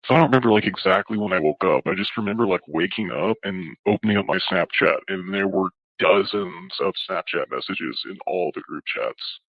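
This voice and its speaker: A young man answering interview questions haltingly, his speech full of fillers. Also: low voice, animated, dry recording. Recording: dull, dry lo-fi audio.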